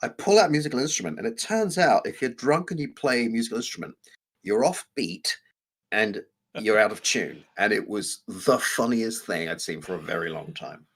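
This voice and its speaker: A man with a low, somewhat husky voice tells gaming stories in a casual live stream chat. His delivery swings up and down with animated energy, and his tone is bright and forward. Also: normal speed. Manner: storytelling, animated and amused. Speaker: co-host. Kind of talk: casual chat about video games.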